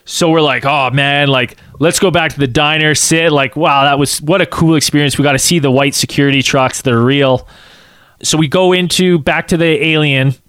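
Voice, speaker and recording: A man telling a casual anecdote, acting out quotes in an animated way and saying "like" a lot. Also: fairly high pitch, moderate pace, smooth, no room sound, studio quality.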